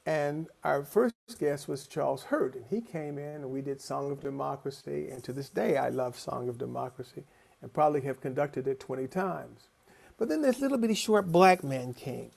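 A choral conductor giving a conference lecture over a video call, telling personal stories in an animated way and acting out the voices he quotes. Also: on the high side, moderate pace, creaky.

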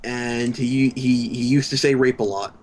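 A man's voice: medium pitch, fairly even intonation, a little slow, darkish tone. A young man bantering bluntly and swearing while playing a co-op game. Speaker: co-op game player. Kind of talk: casual gaming chat.

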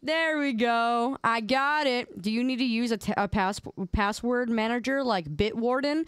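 A young adult woman streamer chatting casually on a live stream, playful and excitable, quick to laugh. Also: a little high, clean tone, dry recording, clean studio sound. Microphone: desk microphone.

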